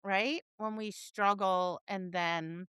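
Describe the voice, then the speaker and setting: Brief: woman co-host, animated storyteller, bright crisp tone, unhurried, close dry mic. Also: medium pitch, no echo. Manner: animated storyteller, acts out voices, laughs and swears. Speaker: podcast co-host, dog trainer. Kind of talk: casual chat.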